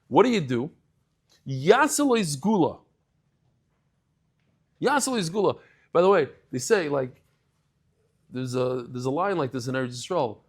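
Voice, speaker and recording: A man giving a daily Talmud class, telling stories with lively acted-out quotes and sprinkling in Hebrew and Yiddish terms. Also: fairly high pitch, moderate pace, long pauses. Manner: animated storyteller, acts out quoted voices. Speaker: daf yomi lecturer.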